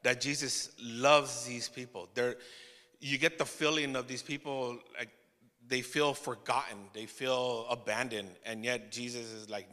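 A man preaching a testimony sermon to his church, telling the story with laughing asides and halting restarts. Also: medium pitch, fairly even intonation, sharp tone, in a large hall. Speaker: pastor.

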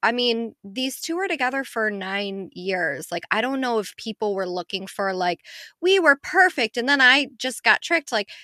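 Bright, gossipy podcast co-host woman. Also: a little high, normal speed, no room sound, studio quality. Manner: gossipy, animated storytelling with frequent swearing. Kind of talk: casual chat.

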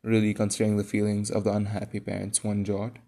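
A man reading a classic children's novel aloud, calm and measured with wry asides. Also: lowish voice. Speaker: audiobook reader. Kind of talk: scripted narration.

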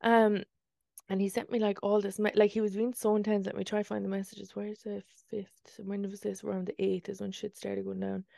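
A woman's voice: medium pitch, little pitch movement, a little fast, vocal fry, warm tone, dry recording, clean studio sound. A woman co-hosting a podcast, chatting casually in a rambling, profane storytelling way while sitting in bed. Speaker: podcast co-host. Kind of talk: casual chat. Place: in bed in a room.

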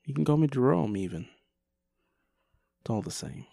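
A man's voice: mid-range voice, animated, moderate pace, vocal fry, mellow, no room sound. A man co-hosting a casual movie podcast, trading teasing, playful banter. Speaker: podcast co-host.

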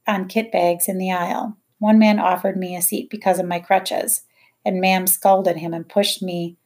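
A woman reading a novel aloud in first person, in a measured storytelling way. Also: on the low side, a little mellow. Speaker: audiobook narrator. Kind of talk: scripted narration.

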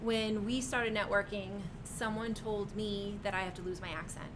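A woman guest in a casual interview, upbeat and emphatic, laughing often. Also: normal speed. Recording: steady background noise with low rumble.

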